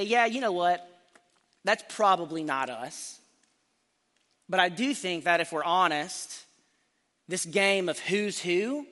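Bright-voiced male preacher in a hall. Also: high-pitched. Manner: earnest, emphatic, slows for key phrases. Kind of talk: sermon. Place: church sanctuary. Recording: church hall reverb.

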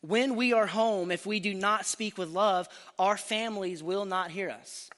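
Man, preacher, sermon, high voice, emphatic, long church reverb. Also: a bit bright. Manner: earnest, emphatic, slows for key phrases. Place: church sanctuary.

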